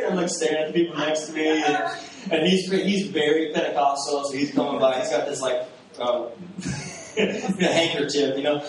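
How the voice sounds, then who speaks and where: Preaching in a church sanctuary, a Texan pastor tells sermon stories in a relaxed, animated manner, laughing often and playing out his own astonished reactions. He speaks at a moderate pace in a fairly high voice that echoes heavily. The mic seems a bit far off, and a faint hiss lingers underneath.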